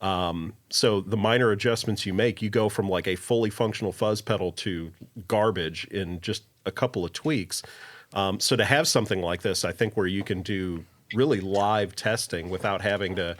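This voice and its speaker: A man's voice: lowish voice, normal speed. A man who builds pedals, a guest on a podcast, talking at length with dry humor. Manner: long-winded, dry humor. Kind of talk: casual chat.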